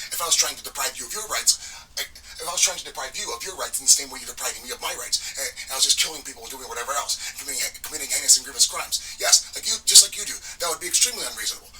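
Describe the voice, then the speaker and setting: A man's voice: medium pitch, very fast. A man delivering an agitated, repetitive, accusing monologue to an unseen listener. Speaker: vlogger. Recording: distant mic with faint background noise.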